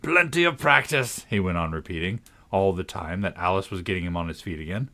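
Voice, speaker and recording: A man reading a classic storybook aloud in a measured, expressive way. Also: deep voice. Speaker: narrator.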